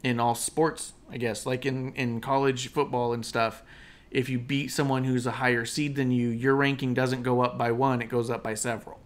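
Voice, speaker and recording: This podcast co-host talks wrestling casually over an online call, pushing his opinions emphatically and rambling with fillers. He speaks at a normal speed in a medium pitch that barely moves.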